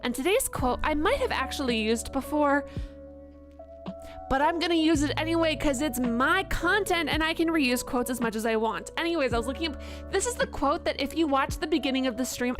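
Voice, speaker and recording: A young woman live streamer chatting casually at the end of a stream, rambling with lots of fillers and self-mocking asides. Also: sits high. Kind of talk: casual stream sign-off chat. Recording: music playing behind.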